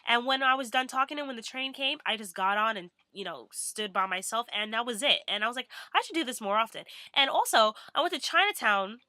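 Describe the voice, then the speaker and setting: A woman's voice: on the high side, animated, a little fast, few pauses, pushed and bright, dry recording, clean studio sound. A young woman vlogging in a bubbly, rambling way with many fillers. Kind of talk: casual chatty vlog.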